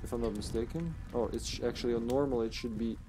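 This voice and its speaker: A man's voice: mid-range voice, fast talker, dark tone. A man streaming a game live, giving casual commentary, joking, laughing often and talking to his co-op partner.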